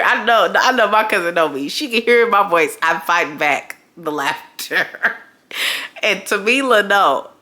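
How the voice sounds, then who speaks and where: A woman tells a storytime to her vlog audience. Her voice sits a little low but sounds bright and edgy. Her pitch swings wide as she curses and laughs her way through the tale. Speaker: storytime vlogger. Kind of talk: casual storytelling.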